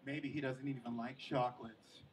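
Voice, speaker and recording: A man voicing his sister-in-law in a low, mock-confiding tone. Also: steady tone, moderate pace, recorded from a distance, slight background noise, close to an everyday voice. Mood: smug. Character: sister-in-law, woman, smugly defending him.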